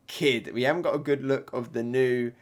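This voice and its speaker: An excitable man reviewing a comic chapter live, reading panels aloud as he goes. He laughs often and speeds up at the big hits. His talk is casual and full of fillers. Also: medium pitch, fast. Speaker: manga reaction reviewer. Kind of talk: live reaction and commentary.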